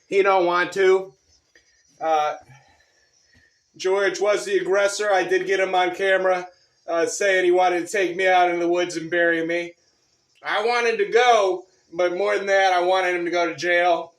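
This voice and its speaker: A man's voice: high voice, steady tone, normal speed, fairly bright tone, roomy sound. Man telling a profane, rambling street story. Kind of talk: comedic character monologue.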